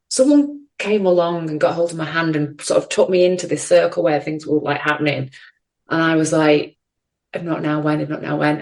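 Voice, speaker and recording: Earnest woman in her 40s cohosting a podcast, low voice, halting, gets emotional. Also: darkish tone. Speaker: podcast co-host. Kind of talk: reflective storytelling chat.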